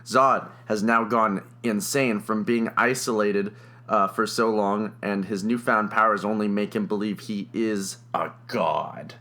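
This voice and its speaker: A young man co-hosting a podcast, casually retelling a movie plot in his own words, chatty and quick to laugh. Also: fairly low pitch, fairly even intonation, pushed and bright. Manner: chatty, laughs often, many fillers. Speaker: podcast co-host.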